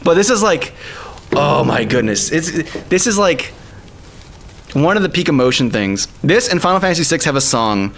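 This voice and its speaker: A man streaming live, chatting casually and excitedly, laughing often and using lots of slang. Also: a little high, moderate pace. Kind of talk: casual live-stream chat over music. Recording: music playing faintly behind.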